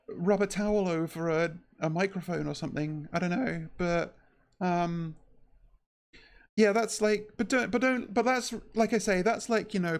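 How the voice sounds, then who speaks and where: A woman streaming casually as a VTuber, her voice slightly shaky, talking in a halting, nervous way full of fillers and restarts. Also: mid-range voice.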